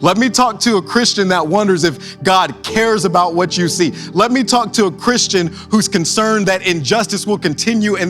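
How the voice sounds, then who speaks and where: A man's voice: high voice, normal speed, hardly any pauses, a bit bright, soft background music. A young man preaching a sermon, telling a funny story with casual asides, then building to a rousing close.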